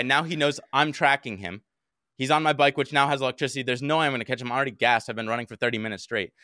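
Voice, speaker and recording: A young man telling a story in casual podcast chat, animated and swearing a lot. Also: medium pitch, fast talker, smooth, no room sound, studio quality. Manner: animated, heavy swearing, acts out his own shouts. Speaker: podcast co-host.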